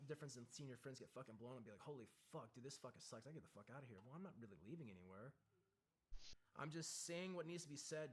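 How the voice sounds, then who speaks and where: A man, a military veteran, telling a candid story with intense, profane emphasis and acting out shouted lines as he goes. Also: mid-range voice. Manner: acts out shouted quotes in the story.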